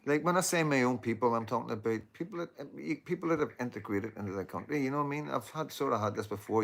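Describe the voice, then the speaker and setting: A man's voice: medium pitch, quick pace, creaky, few pauses, heavy background noise. A man with a Northern Irish accent rambling to his viewers at home in a casual monologue, repeating "you know what I mean" and swearing. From Northern Ireland. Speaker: online show host. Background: dogs at home.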